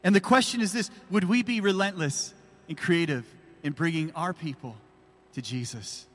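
Here a pastor's slightly high voice moves at a moderate pace as he preaches in church. He presses his argument by firing the same kind of rhetorical question again and again. The church hall gives the sound plenty of reverb.

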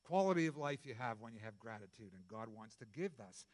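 A middle-aged male pastor preaching a sermon in a conversational, jokey way, jumping from loud bursts to soft asides. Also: medium pitch, animated, fairly quick, long reverb tail.

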